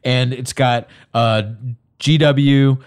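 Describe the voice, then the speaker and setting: Rambling animated man in casual banter. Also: mid-range voice, slow pace, clean tone. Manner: rambling, animated, restarts a lot.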